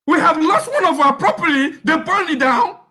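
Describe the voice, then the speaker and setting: A man calling in to a live show, close to tears and agitated, pleading hard and raising his voice. His voice sits high and swoops widely. It sounds bright and tense. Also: animated, normal speed. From Nigeria. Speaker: caller. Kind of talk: emotional call-in to a live talk show.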